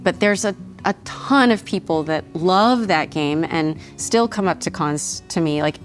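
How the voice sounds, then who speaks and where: A Texan voice actress chats animatedly and laughs often while eating as a guest in a studio kitchen during a casual interview. Her voice is on the low side and unhurried, with faint music in the background.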